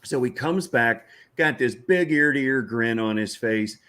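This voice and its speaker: A man with an average-pitched voice tells a casual story as a guest. His delivery is folksy and chatty, with frequent chuckles and filler words. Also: unhurried, a bit bright. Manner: folksy, chuckling, lots of "you know". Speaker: veterans' ranch organizer, guest.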